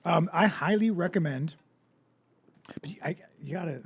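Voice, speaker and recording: A young man with a high voice and a gravelly edge chats on a comedy podcast. He tells long, winding stories full of wry jokes. His talk is casual and loose. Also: normal speed. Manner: rambling storyteller, wry and joking. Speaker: podcast co-host.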